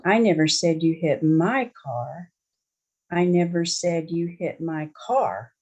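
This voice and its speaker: A woman participant in a training workshop on a video call, reading a sentence aloud in a slow, deliberate way. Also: fairly low pitch, a little mellow, lo-fi sound.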